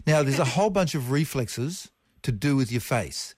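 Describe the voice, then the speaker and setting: A man's voice: medium pitch, animated, moderate pace, a little mellow, no room sound, studio quality. A man chatting on a radio science segment, playful and fond of spelling out words letter by letter. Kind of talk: casual radio science chat. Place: radio studio. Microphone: studio microphone.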